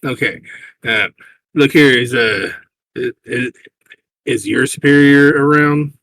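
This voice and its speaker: Gravelly man playing a tabletop game. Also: medium pitch, takes it slowly, fairly bright tone, dry recording, poor audio. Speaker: player. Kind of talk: casual chat at a game table.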